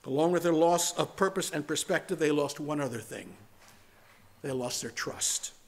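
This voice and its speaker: A man with a rather high voice preaches a sermon as pastor. He swings between forceful emphasis and soft, almost whispered words. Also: moderate pace, creaky. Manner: dramatic shifts from loud to hushed, near-whispered words.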